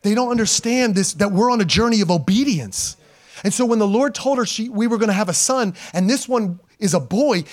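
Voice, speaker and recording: A middle-aged man, a pastor, preaching a sermon to a congregation, calling for responses and swinging between loud and hushed delivery. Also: high voice. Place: church sanctuary before a congregation.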